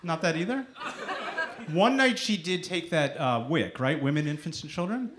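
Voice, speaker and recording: A man's voice: on the high side, very animated, moderate pace. A man in his thirties doing a stand-up set, with a sing-songy delivery that makes everything sound like a question. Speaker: stand-up comedian. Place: comedy club stage before a live audience. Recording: noisy live club recording.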